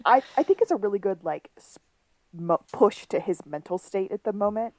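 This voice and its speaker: On a podcast she co-hosts, a woman chats casually while recapping a TV episode, retelling scenes with quoted lines and laughing often. Her mid-range voice is expressive and a little mellow, at a moderate pace, with no echo.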